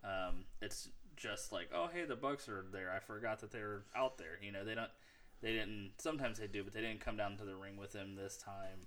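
Bright-toned, lowish-voiced easygoing man. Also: flat delivery, moderate pace. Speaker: podcast co-host. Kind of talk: casual chat.

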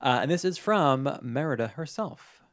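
A man co-hosting a podcast in casual chat, fast-talking and jokey. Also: mid-range voice, animated, a bit bright, no room sound, clean studio sound. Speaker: podcast co-host.

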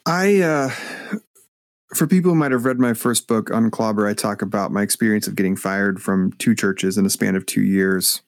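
A man, a guest author and minister, telling a story in a podcast interview with animated, halting delivery. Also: fairly low pitch, dry recording, studio quality. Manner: animated, acts out voices when retelling, halting restarts.

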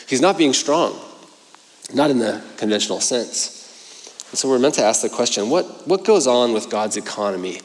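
A man's voice: medium pitch, animated, normal speed. A man in his thirties giving a sermon, telling stories in a chatty, self-mocking way with fillers. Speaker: pastor. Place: church hall. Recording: long church hall reverb.

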